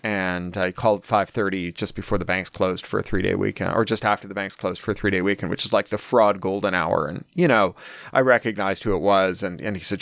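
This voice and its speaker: A man's voice: sits low, a little fast, gravelly, no room sound, studio quality. A middle-aged man telling a long personal story in a casual way, quoting the people he talked to. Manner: animated anecdote-telling, quoting people in his own voice. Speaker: interview guest.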